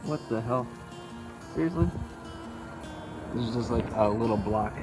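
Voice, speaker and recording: A man's voice: medium pitch, a little slow, music in the background, poor audio. A man casually narrating his own boat repair, joking and talking to himself while he works outdoors under a sailboat, recorded on a handheld phone. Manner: joking, wisecracking, talks to himself while working. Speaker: sailboat vlogger.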